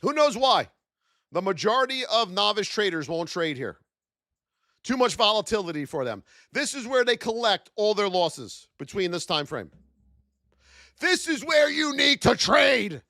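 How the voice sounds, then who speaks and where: A man hosting a live-stream trading lesson, animated and full of rhetorical questions, shouting out his viewers. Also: high-pitched, moderate pace, no room sound, studio quality.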